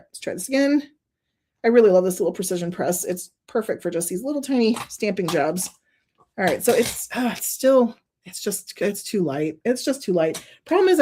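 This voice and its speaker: Chatty woman with a slightly high voice. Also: a little mellow. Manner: chatty, laughs often, thinks aloud; gushing, openly emotional. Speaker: card-making stream host. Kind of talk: casual crafting demonstration.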